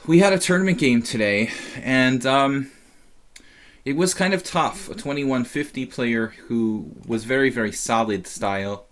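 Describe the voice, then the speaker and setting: A man's voice: mid-range voice, a little slow, fairly bright tone. A tired man casually commentating his chess simul on a live stream, rambling and chatty with lots of fillers.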